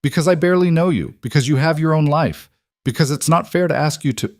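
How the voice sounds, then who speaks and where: A man voicing a weary, overwhelmed single father in a read-aloud story, quiet and strained. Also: a little high, fast talker, no room sound, studio quality, voice pushed up, natural voice. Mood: strained, doubtful. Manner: quiet, strained, self-doubting. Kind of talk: scripted story reading.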